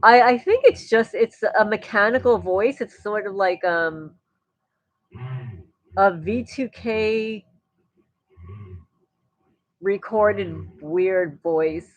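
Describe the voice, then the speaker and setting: A woman's voice: medium pitch, slow pace, long pauses, no room sound, rough recording. A woman hosting a livestream, chatting in a rambling way and answering viewer comments. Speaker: livestream host. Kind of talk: casual livestream chat.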